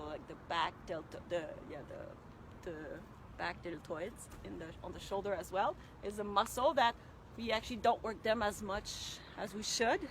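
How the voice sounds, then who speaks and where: A woman's voice: medium pitch, noisy background. A woman running coach giving a casual, chatty lesson on arm form, encouraging and full of restarts and asides. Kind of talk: casual instructional talk.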